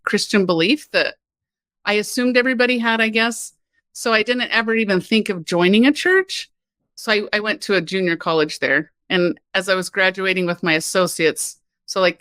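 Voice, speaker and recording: A woman from Kansas, a podcast guest, telling her personal story in a lively, candid way with laughs and frequent "like". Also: fairly low pitch, no room sound. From Kansas, United States.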